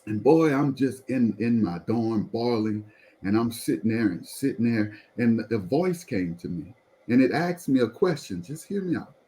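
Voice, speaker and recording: A pastor telling a personal testimony in conversation, animated and repeatedly drawing the listener in to follow along. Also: male voice, mid-range voice, moderate pace, low-quality recording.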